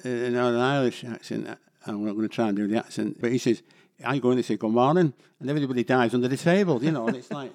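An older man with a broad Mancunian accent talks at a middling pitch as an interview guest. He rambles along in a chatty, self-deprecating way, with plenty of asides. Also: creaky, a little mellow. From England. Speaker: guest actor. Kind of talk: casual interview chat.

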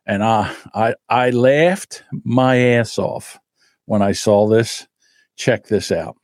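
A man hosting a podcast, telling animated stories, swearing freely and laughing as he talks. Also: lowish voice, slow pace, no room sound, studio quality. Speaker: podcast host. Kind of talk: casual storytelling and commentary.

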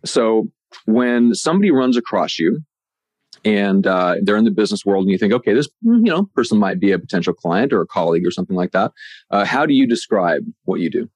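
A man's voice: lowish voice, brisk, darkish tone, no room sound. A man hosting a podcast interview, asking friendly, rambling questions full of fillers. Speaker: podcast host.

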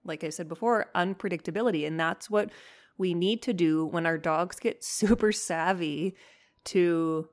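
A woman with a lowish voice tells stories as the host of a dog-training podcast. She is animated and candid, swears freely, and acts out her own lines as she goes. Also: normal speed. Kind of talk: casual storytelling monologue.

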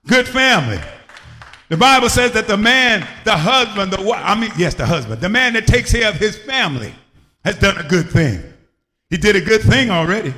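A man preaching in a church, moving between shouted, sing-song bursts and quieter talk, leading the congregation in call and response. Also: high-pitched. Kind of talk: lively sermon with call and response. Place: church hall. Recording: long church-hall reverb.

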